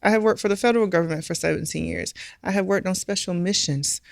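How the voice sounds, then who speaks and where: A woman's voice: fairly low pitch, fast, creaky, no room sound, studio quality. A middle-aged woman, a bar owner, speaking candidly and emphatically in an interview, often using rhetorical questions. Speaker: guest, restaurant and bar owner.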